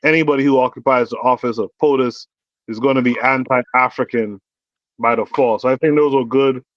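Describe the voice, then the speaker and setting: Male host, measured and steady, keeps the panel moving, lo-fi dry call audio. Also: mid-range voice, no room sound. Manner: calm, measured, reads chat comments. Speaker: show host and moderator. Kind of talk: moderating a panel discussion.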